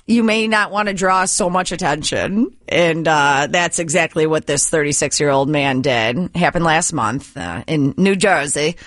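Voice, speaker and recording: A woman's voice: low voice, a bit bright. A woman co-hosting a radio show, reading sports and odd news in casual banter.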